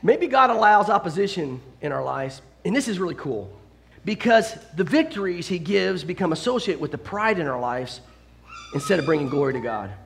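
Middle-aged man, pastor mid-sermon; high, very animated voice, storytelling with restarts. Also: normal speed, gravelly, slight background noise. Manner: animated, self-deprecating storytelling with frequent restarts.

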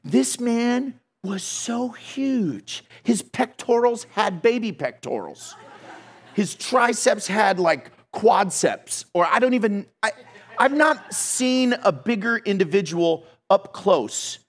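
A man preaching a sermon, telling funny stories in an animated way and laughing along with his congregation. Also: high voice, takes it slowly. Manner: animated, humorous, laughs between lines. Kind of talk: sermon with storytelling.

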